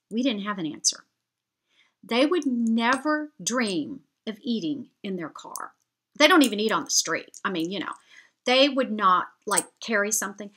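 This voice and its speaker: A woman's voice: mid-range voice, sharp tone. A woman, chatting to camera as she tells a heartfelt story. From United States. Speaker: vlogger.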